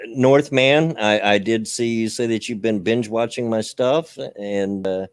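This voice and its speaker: An older man co-hosting a stream, talking casually to his viewers in a relaxed, halting way with many fillers. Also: lowish voice, clean tone, dry recording. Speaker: streamer and co-host. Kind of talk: casual chat to a live audience.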